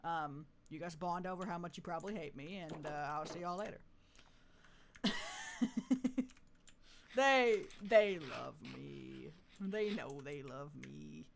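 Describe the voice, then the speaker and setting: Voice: medium pitch, takes it slowly, gravelly, long pauses, slight background noise. A streamer giving live gameplay commentary, playfully talking with mock deference and often laughing.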